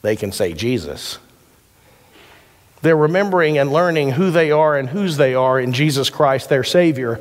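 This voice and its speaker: A man pastor giving a sermon, mixing scripture with folksy stories and jokes. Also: a little high. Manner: folksy storytelling with quick jokes. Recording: church hall reverb.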